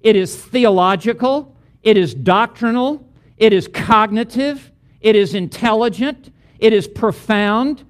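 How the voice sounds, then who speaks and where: A man's voice: high-pitched, unhurried. A middle-aged man teaching a lecture on preaching, building emphatic, rhythmic lists of repeated phrases.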